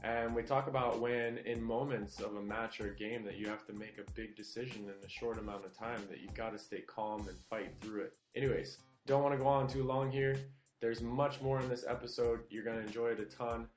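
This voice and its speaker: An upbeat man hosts a sports interview podcast at a middle pitch. His voice carries a roomy echo, and faint music plays underneath. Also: steady tone, brisk. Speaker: podcast host.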